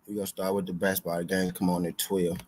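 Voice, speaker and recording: A man's voice: deep voice, level tone, quick pace, darkish tone, a little hiss or hum, rough recording. A young man hosting a sports betting stream in loose, slangy casual chat, repeating his lines for emphasis. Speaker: sports betting show host.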